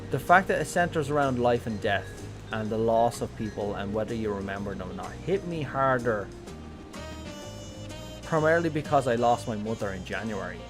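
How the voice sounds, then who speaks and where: A man streaming a game, talking candidly and emotionally, with casual swearing. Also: medium pitch. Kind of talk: casual live-stream commentary. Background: game music.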